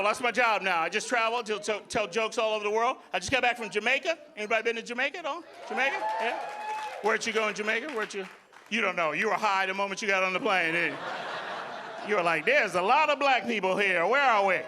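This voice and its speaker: High-voiced, brash stand-up comic. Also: male voice, expressive, fast talker, a crowd in the background, noisy background. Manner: loud, brash, profane, teasing the audience. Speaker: stand-up comedian. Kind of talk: live stand-up comedy with crowd work. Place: comedy club stage. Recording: live comedy club with audience laughter.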